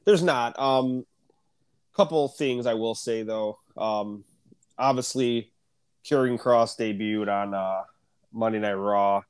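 A man's voice: lowish voice, slow pace, smooth, no room sound. A man co-hosting a casual wrestling podcast, getting over a cold with a lingering cough, chatting loosely with plenty of swearing. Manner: casual and profane, with fillers. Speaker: podcast co-host. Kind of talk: casual chat.

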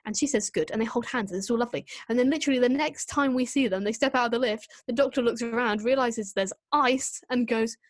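A woman co-hosting a casual podcast, giving an opinionated, animated critique with quick asides. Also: fairly high pitch, no room sound. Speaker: podcast co-host reviewing an episode. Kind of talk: casual chat.

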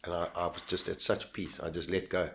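A man, quietly telling a personal survival story in halting speech that often repeats words. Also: deep voice, little pitch movement.

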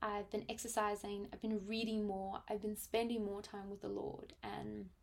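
A woman in her twenties with a South African accent, telling a personal story reflectively, with frequent pauses and fillers. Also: medium pitch, little pitch movement, gravelly. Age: 20s. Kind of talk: personal testimony.

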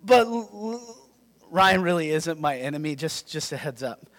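A man from Yakima preaching a sermon as pastor, animated and conversational, checking in with his listeners. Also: a little high, moderate pace. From Yakima, Washington. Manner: animated, conversational, keeps asking "right?". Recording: long reverb in a hall.

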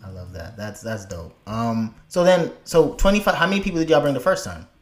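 Animated, emphatic man from Africa. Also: mid-range voice, a little fast. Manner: animated, laughing, emphatic with frequent restarts. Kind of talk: casual conversation.

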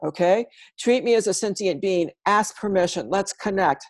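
A woman voicing a wise, gentle male horse spirit who teaches patiently, speaking close to her own voice. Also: mid-range voice, normal speed, close to an everyday voice. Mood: instructive.

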